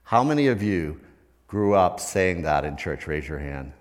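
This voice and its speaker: A man's voice: sits low, lively intonation, a little slow. Older man, pastor, conversational sermon, questions to the congregation.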